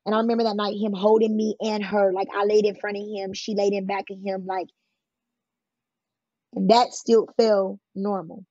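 Woman guest telling her story, plain-spoken and frank, raspy and gravelly, on a dry recording. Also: medium pitch, level tone, moderate pace, mellow, no room sound, dull audio. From California. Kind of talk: emotional personal storytelling in an interview.

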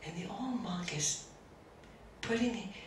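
A woman spiritual teacher telling a story to a group, speaking with halting restarts. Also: mid-range voice. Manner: slow, halting, with many restarts. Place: meeting room. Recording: roomy, distant mic, faint hiss.

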